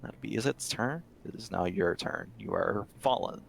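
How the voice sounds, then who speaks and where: A man running a tabletop game as game master, upbeat and quick to laugh. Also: lowish voice, expressive, gravelly, a little hiss or hum.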